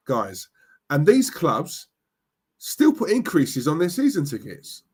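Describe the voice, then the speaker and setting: A man's voice: on the high side, big pitch swings, a little slow, husky. A young man ranting casually on a live stream, outspoken and repetitive, tagging his points with "right?" and "yeah?". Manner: outspoken, repetitive, tag questions.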